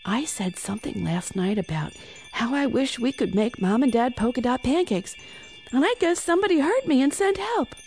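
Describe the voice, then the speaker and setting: A woman voicing an excited young boy, calling out loudly in a raised, high voice. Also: moderate pace, soft background music. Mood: dismayed.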